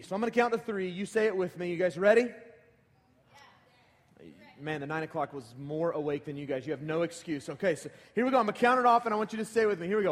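A man's voice: high voice, fast talker. A man in his thirties preaching in a casual, conversational way and leading the congregation in call-and-response. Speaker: pastor. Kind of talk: sermon. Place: large church hall. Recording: long hall reverb.

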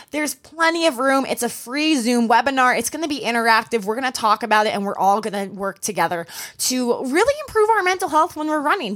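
A young woman talks through her podcast as a running coach, her voice sitting a little high. She tells her story earnestly and animatedly, turning it into encouraging advice for listeners. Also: fairly bright tone. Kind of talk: casual solo podcast talk.

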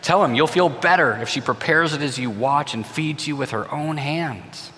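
A man's voice: fairly high pitch, normal speed, a bit bright, soft background music, pitched above the performer's own voice, close to an everyday voice. Man doing a sly, crafty adviser. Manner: sly, coaxing. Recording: long hall reverb.

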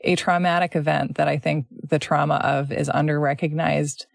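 A woman host in casual chat, who reads from a book and talks in a thoughtful, measured way. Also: sits low, steady tone, creaky, dry recording, clean studio sound. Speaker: podcast host.

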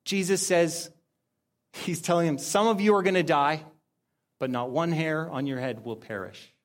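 A man preaching an informal sermon, repeating key phrases for emphasis and breaking into short acted-out exchanges. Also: a little high. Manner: informal, acts out little dialogues in quick put-on voices. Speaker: pastor. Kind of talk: conversational sermon.

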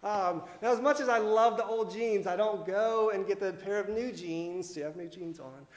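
A man preaching a casual sermon in a relaxed way, with fillers, restarts and light laughs. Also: sits high, normal speed, roomy sound, lo-fi sound. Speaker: pastor.

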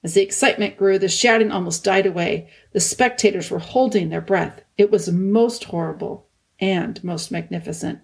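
A woman narrating a children's novel in a calm, measured audiobook reading. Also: mid-range voice, vocal fry. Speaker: audiobook reader.

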